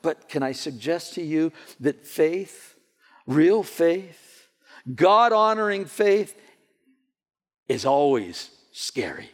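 A man preaching a sermon to a church gathering, telling stories in an animated way and often repeating his words as he goes. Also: fairly high pitch, slow. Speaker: pastor. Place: church hall. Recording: long hall reverb.

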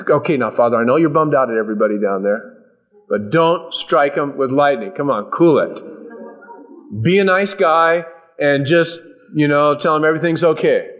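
A man voicing a laid-back Jesus coaxing an angry Father to calm down. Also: a little high, moderate pace, muffled recording, lightly acted. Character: casual male Jesus pleading with an angry Father.

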